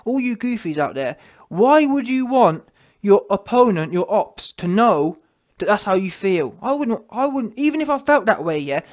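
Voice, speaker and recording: A man giving a sarcastic, punchy sports commentary rant, full of tag questions. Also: sits high. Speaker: vlogger commentator.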